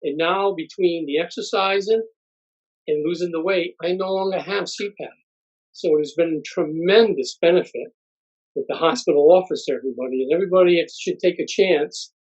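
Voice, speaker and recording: A husky-voiced man in his sixties speaks in a plain, halting way, stopping often on fillers as he gives thanks. His voice sits a bit high for a man, and the recording is muffled and lo-fi. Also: darkish tone. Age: 60s. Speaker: honoree. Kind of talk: thank-you speech.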